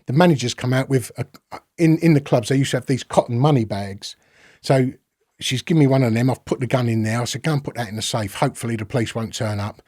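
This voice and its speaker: A man's voice: mid-range voice, fast talker, dry recording, clean studio sound. A middle-aged man with a London accent, a podcast guest casually telling a story, swearing freely and acting out the quotes. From England. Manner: swears freely, lively retelling with acted-out quotes.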